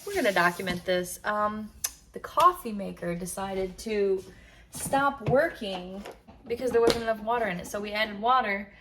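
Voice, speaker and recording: A woman's voice: mid-range voice, moderate pace, noisy background. A woman co-hosting a casual podcast from her home kitchen, laughing often and swearing casually. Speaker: podcast co-host. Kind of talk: casual chat.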